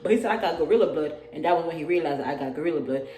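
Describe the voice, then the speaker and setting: A young woman vlogging a storytime about college life, telling it in an animated way and acting out the loud quotes. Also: deep voice, very fast. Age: young adult. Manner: animated, acts out yelled quotes. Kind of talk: storytime vlog. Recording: echoey room, faint noise.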